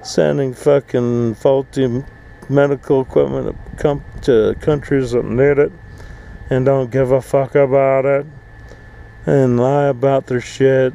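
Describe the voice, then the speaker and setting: Slow, gravelly man for an angry, swear-heavy outdoor rant. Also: mid-range voice, level tone, mellow, lo-fi sound. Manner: angry, swearing, mocking voices. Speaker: vlogger, full-time RVer. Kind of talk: profane rant to camera. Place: outdoors at an RV park.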